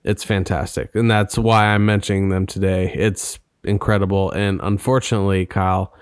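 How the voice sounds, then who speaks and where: A man's voice: sits low, level tone, normal speed, clean tone, no room sound. A man co-hosting a casual podcast, chatting in joking, profane banter. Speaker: podcast co-host. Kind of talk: casual chat.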